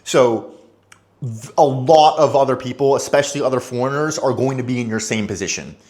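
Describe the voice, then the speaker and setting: A man's voice: mid-range voice, brisk, a little mellow. A young man talking casually into the camera, giving friendly advice in a loose, conversational way and acting out bits of dialogue. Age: young adult. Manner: chatty, loose and conversational, acts out little dialogues. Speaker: expat vlogger.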